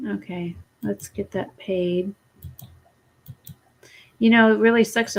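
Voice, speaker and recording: A woman's voice: medium pitch, fairly even intonation, takes it slowly, long pauses. A woman streaming a life-sim game late at night, sleepy and rambling, chatting casually and swearing now and then. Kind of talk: casual gameplay chat.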